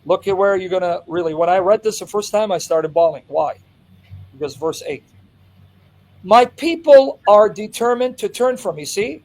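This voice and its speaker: Man, higher-pitched, emphatic Bible teacher who drives each point home. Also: animated, normal speed, a little mellow, poor audio. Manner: emphatic, reading scripture aloud and driving points home. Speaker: Christian apologist. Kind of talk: impassioned Bible exposition.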